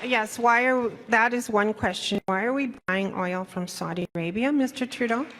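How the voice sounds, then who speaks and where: A woman's voice: a little high, moderate pace. A woman from Canada asking accusing questions from the audience at a town hall, angry and emphatic. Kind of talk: heckling public question. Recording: distant voice in a reverberant hall, faint noise.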